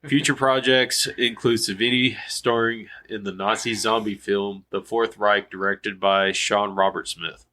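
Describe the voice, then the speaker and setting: A man's voice: fairly low pitch, fairly even intonation, bright, forceful tone. Nasal man in his thirties reading aloud. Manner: reads haltingly, restarting mispronounced words. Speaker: podcast co-host. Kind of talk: reading a profile aloud in a casual podcast.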